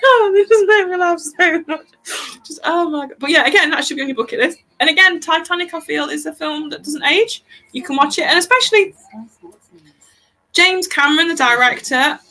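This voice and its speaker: A woman's voice: medium pitch, sharp tone, poor audio. A woman in her thirties, hosting a casual talk show and telling a rambling story, laughing often. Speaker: podcast host. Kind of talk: casual chat.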